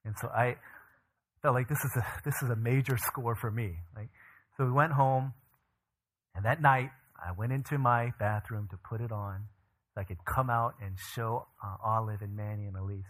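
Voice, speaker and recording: A man's voice: mid-range voice, normal speed. A man preaching a sermon, telling a personal story with animation and acting out the people he quotes. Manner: animated storyteller who acts out quoted voices. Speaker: pastor.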